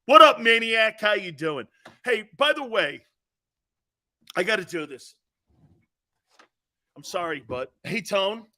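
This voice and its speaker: Man, sports talk host, Northeastern origin, lively swooping pitch, drawn-out delivery, loud profane storytelling. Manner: loud, profane, laughs at his own stories.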